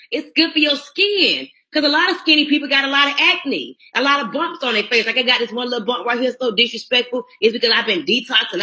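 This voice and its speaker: Blunt woman pitching on a lo-fi call. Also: pushed and bright. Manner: blunt, preachy, talks straight to listeners. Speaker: network marketing recruiter. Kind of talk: motivational sales pitch on a conference call.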